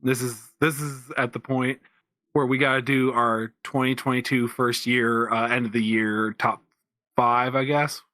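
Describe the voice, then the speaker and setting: A man's voice: medium pitch, flat delivery, a little slow, pushed and bright, no room sound. A man co-hosting a casual podcast, rambling with frequent restarts and fillers. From Pennsylvania, USA. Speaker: podcast co-host. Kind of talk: casual chat.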